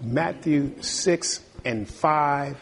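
A man's voice: fairly high pitch, very slow, creaky. A male pastor preaching a sermon, reading scripture aloud and calling out to the congregation for responses.

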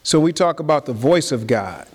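A man preaching a sermon, firing rhetorical questions at the congregation and swinging between loud high emphasis and low quiet asides. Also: expressive, normal speed, breathy edge. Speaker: pastor. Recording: long reverb of a large hall.

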